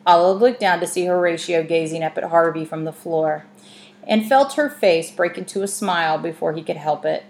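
Woman reading a children's storybook aloud. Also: sits low. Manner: measured, expressive reading. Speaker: narrator. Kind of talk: audiobook narration.

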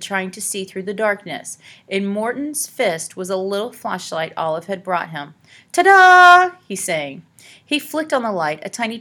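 A woman reading a children's adventure story aloud as narrator, dramatic and hushing for tense scenes. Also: medium pitch. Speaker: audiobook narrator. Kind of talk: scripted narration.

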